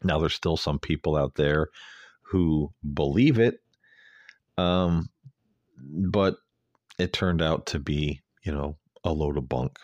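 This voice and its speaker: A man's voice: rumbling low, slow, pauses often, darkish tone, dry recording, dull audio. A man hosting an earnest, rambling monologue, talking casually with lots of fillers into a close mic. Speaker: host.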